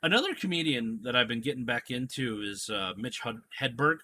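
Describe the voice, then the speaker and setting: A man's voice: mid-range voice, fairly quick, breathy edge. A man co-hosting a casual podcast chat, telling stories and acting out the quotes. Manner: animated storyteller, acts out quotes. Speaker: podcast co-host.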